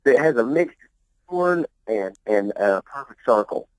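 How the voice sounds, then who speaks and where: A man's voice: medium pitch, animated, measured pace, no room sound, low-quality recording. Dry-voiced rambling musician man. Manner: loose, rambling, profane, repeats words and laughs easily. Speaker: musician, interview guest. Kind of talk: casual interview talk.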